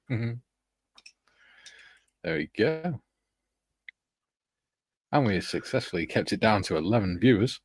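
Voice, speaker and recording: Low-voiced Welsh man chatting on a stream. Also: lively intonation, takes it slowly, pauses often, darkish tone, slightly rough, no room sound. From Wales. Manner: laughs often, tells anecdotes, reads viewer comments aloud. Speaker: co-host. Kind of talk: casual livestream chat.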